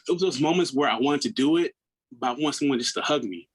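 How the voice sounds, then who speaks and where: A man's voice: mid-range voice, lively intonation, quick pace, slightly rough, poor audio. Earnest man telling a raw personal story. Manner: earnest, raw, often restarts words; acts out quoted people in a raised voice. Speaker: podcast guest.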